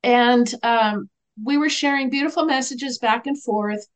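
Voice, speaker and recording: A woman who works as an animal communicator tells a story as a guest on an interview show, earnest and gentle, acting out the dialogue. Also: on the high side, a little slow. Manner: animated, acts out the dialogue in her stories.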